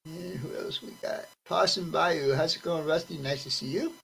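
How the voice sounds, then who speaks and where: A man's voice: fairly high pitch, normal speed, vocal fry, a bit bright, a little hiss or hum, rough recording. A man hosting a live stream, greeting his viewers one by one by name in a friendly, casual way. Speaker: livestream host greeting chat. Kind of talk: casual livestream chat.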